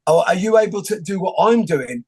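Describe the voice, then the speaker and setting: A man's voice: high-pitched, lively intonation, brisk, a little mellow, breathy edge. A man hosting a casual interview, rambling and joking with many restarts and film quotes. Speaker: host. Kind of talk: casual conversation.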